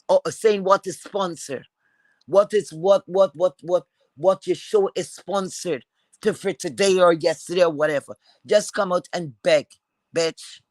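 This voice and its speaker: A man's voice: high-pitched, darkish tone, no echo, rough recording. A man on a live stream, delivering a heated, profane rant that is insulting, repetitive and confrontational.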